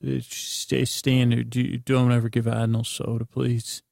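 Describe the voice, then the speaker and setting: A middle-aged man rambling through an improvised bedtime story, halting and restarting often. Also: mid-range voice, flat delivery, vocal fry, a little mellow, dry recording, clean studio sound. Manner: meandering, halting, with many restarts. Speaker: bedtime podcast host.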